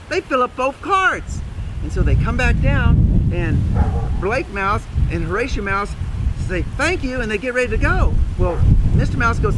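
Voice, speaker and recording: High voiced guy narrating a kids story, really animated, traffic noise outside. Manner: animated, addresses kids directly. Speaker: children's storyteller.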